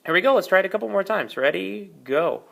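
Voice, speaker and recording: A man's voice: high-pitched, very fast, creaky, heavy background noise. A man leading an oboe lesson, explaining each step patiently with frequent ums. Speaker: oboe teacher. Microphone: camera mic, repositioned during video.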